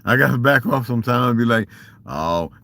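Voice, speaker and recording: A man's voice: mid-range voice, level tone, fast talker, vocal fry, fairly bright tone. A man with a Southern US accent ranting casually and profanely on a livestream, emphatic and laughing often. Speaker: livestream host. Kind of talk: casual rant.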